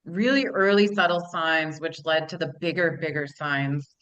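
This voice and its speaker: A woman's voice: deep voice, moderate pace, a bit bright, clear, resonant tone, muffled recording. A woman hosting an interview, asking questions in a casual, direct way. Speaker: host.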